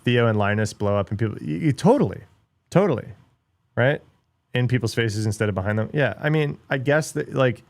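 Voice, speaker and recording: A middle-aged man talks casually on his livestream. He is blunt and ranty, swears freely and leans on filler words. His pitch sits in an ordinary middle range for a man. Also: animated, moderate pace, no echo. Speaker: livestream host. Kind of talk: casual livestream chat, reacting to videos.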